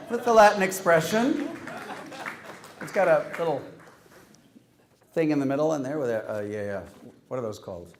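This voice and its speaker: Wry man handing out joke awards. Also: sits high. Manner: wry, teasing, reads Latin quotes aloud. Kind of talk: humorous after-dinner award speech.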